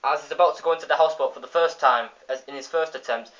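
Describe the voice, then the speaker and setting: A man's voice: a little high, rapid-fire, a bit bright. A man giving a casual spoken review of a cartoon episode, retelling the plot in a rambling way with many restarts and fillers. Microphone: phone. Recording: dull lo-fi phone recording.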